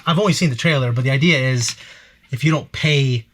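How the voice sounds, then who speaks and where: A man's voice: mid-range voice, a little fast. A man hosting a casual post-episode reaction discussion, rambling with frequent restarts and casual swearing. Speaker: reaction channel host.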